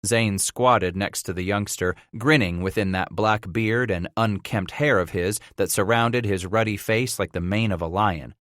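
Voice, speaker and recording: A man narrating a western audiobook in a measured storytelling manner. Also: lowish voice, fairly bright tone, dry recording, studio quality. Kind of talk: scripted narration of a western novel.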